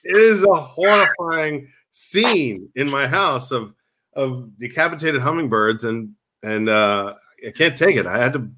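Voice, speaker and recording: Man, bright voice, very lively pitch, animated storyteller, casual comedic chat. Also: measured pace.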